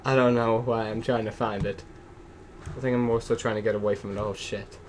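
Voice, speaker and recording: A man's voice: on the low side, steady tone, a little fast, darkish tone, a little hiss or hum, rough recording. A man giving nervous, jittery commentary as he plays a game, muttering and then exclaiming. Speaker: let's play gamer. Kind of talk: gaming commentary.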